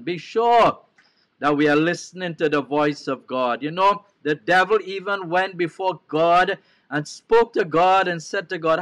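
A man's voice: sits high, fairly bright tone. A man with a Trinidadian accent preaching a televised sermon as a bishop, repeating key phrases and putting questions to his listeners.

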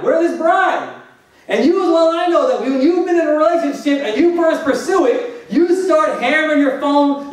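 Male pastor, conversational jokey sermon, heard from a distance in a big echoey room. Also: high voice. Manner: conversational, jokey preaching with rhetorical questions to the congregation. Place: church hall. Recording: echoey hall, distant mic.

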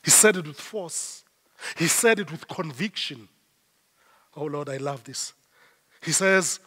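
A man's voice: a little high, measured pace, long pauses, fairly bright tone, breathy edge. A South African man preaching a sermon as pastor, emphatic and repeating his phrases in rising waves. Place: church. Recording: long church hall reverb.

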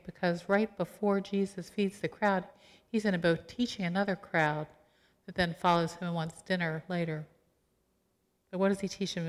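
A middle-aged woman pastor giving a sermon in a conversational, animated storytelling way, acting out quoted voices. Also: on the low side. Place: church sanctuary. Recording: long church reverb.

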